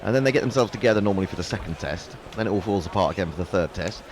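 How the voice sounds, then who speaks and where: A low-voiced man calling live cricket ball by ball. His pitch swings widely as he moves between dry, self-mocking asides and the calls of each delivery. Faint outdoor noise sits behind him. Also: lively intonation, very fast. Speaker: cricket commentator. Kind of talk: live ball-by-ball radio commentary.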